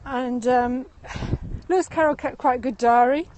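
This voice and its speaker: High-voiced woman guiding a walking tour. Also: normal speed, a little mellow, slight background noise, low-quality recording. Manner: chatty and rambling, laughs often. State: a bit out of breath from walking. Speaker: tour guide. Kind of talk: live-streamed walking tour. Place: outdoors in a city meadow and gardens.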